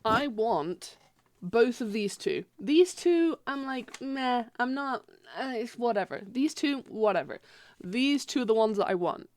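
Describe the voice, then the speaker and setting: Lively swearing woman streamer. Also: fairly high pitch, dry recording. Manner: animated, swearing, quick to laugh. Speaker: livestreamer. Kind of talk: casual chat while streaming. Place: home, at her PC.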